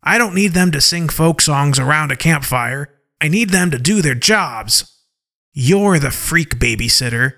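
A man doing a curt, gruff general. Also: fairly high pitch, animated, measured pace, pushed and bright, heavily acted. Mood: dismissive. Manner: curt, dismissive. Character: gruff male military general on video phone.

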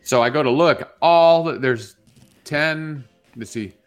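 Animated man telling a bathroom story. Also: slow pace, clear, resonant tone. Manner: animated storyteller, jumps into high voices when quoting a woman. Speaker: morning show co-host. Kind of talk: casual radio chat, storytelling.

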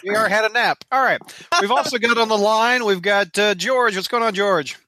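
A man's voice: sits high, normal speed, bright, forceful tone, no echo. A man hosting a podcast, introducing callers in a jokey, upbeat, teasing way. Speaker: podcast host. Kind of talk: casual chat, introducing guests.

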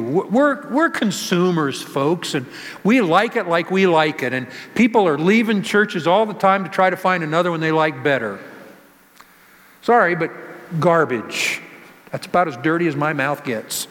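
A man's voice: fairly high pitch, animated, normal speed, a bit bright. A male pastor giving a conversational sermon, asking the congregation rhetorical questions and joking with them. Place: church sanctuary. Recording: long reverb of a church hall.

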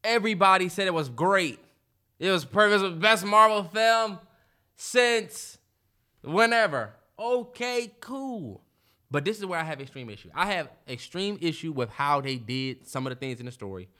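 A man's voice: sits high, expressive, normal speed, sharp tone, clear, resonant tone. A man co-hosting a podcast in casual chat, talking animatedly and emphatically with lots of slang and filler ums. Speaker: podcast co-host.

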